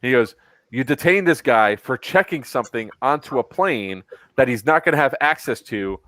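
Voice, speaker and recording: A man's voice: mid-range voice, animated, moderate pace, a bit bright, no echo. A man hosting a casual podcast, telling a long story with plenty of swearing and acting out other people's lines. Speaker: podcast host.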